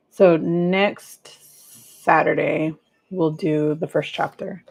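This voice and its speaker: A woman's voice: low-pitched, steady tone, slow, creaky, slightly rough. A woman in her forties from California, chatting casually with viewers on a livestream and laughing often. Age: 40s. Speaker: livestream host. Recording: slightly dull lo-fi sound.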